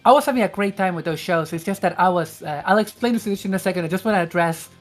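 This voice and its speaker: A woman's voice: fairly low pitch, very fast, faint music behind. A woman whose first language is not English, hosting a casual stream chat, hesitant with many fillers as she reads out the chat. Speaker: streamer host.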